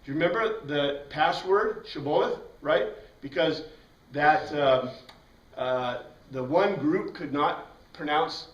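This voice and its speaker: Animated male Bible teacher, echoey room. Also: on the high side, slow, recorded from a distance, highs cut off. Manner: animated, asks the class questions, frequent "right?". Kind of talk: classroom lecture.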